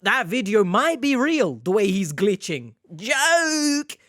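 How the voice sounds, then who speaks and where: A man's voice: high-pitched, sing-song, measured pace, a bit bright, no echo, studio quality. A man hosting a reaction video, mocking what he watches with sarcastic jokes. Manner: mocking, sarcastic, jumps into silly voices. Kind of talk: comedic reaction commentary.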